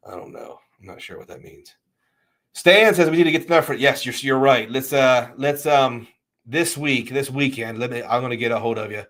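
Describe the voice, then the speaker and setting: A man's voice: mid-range voice, expressive, normal speed, fairly bright tone. A middle-aged man hosting a livestream, chatting casually and reacting to viewer comments in a rambling, restart-heavy way. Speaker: livestream host.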